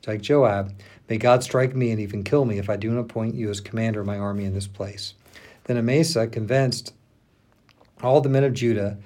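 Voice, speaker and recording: Man, pastor, steady scripture reading, middle pitch. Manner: steady narration with small restarts.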